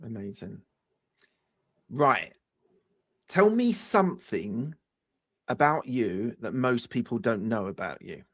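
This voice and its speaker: A man's voice: mid-range voice, sing-song, slow pace, long pauses, a bit bright, muffled recording. A man hosting an interview, offering brief enthusiastic reactions and asking questions. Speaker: host. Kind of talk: casual interview.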